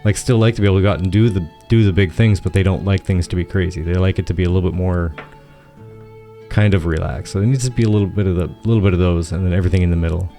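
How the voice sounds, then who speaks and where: Deep, mellow-voiced man chatting about games. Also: racing, soft background music. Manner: relaxed, explains at length with many restarts. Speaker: podcast co-host. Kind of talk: casual gaming podcast chat.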